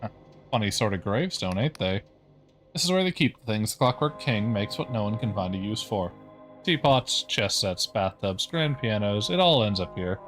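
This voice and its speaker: Folksy game junkyard keeper, gruff and gabby, read by a man. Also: fairly low pitch, animated, moderate pace, fairly bright tone, faint music behind. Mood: chatty. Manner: folksy, slangy, chatty. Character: gruff working-class male junkyard keeper.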